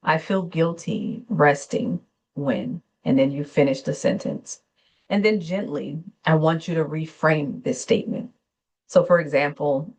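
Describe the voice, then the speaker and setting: A woman therapist hosting a gentle wellness talk, speaking slowly and soothingly, unscripted, with small self-corrections along the way. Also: low voice. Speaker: therapist and channel host.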